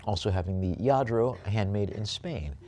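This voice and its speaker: A man working as an auctioneer, describing lots in a rambling way with many fillers and then calling bids briskly. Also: fairly low pitch, warm tone.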